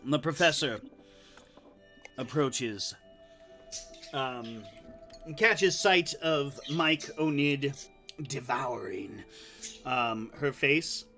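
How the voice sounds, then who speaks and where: A man's voice: mid-range voice, animated, very slow, long pauses, pushed and bright. A man running a tabletop game as game master, narrating and chatting in a meandering way with many fillers. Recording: faint music behind.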